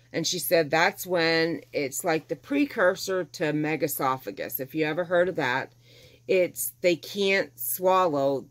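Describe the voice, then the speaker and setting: Chatty woman with a lowish voice. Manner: animated, acts out quoted dialogue with exasperation. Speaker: vlogger telling a personal story. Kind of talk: casual storytelling.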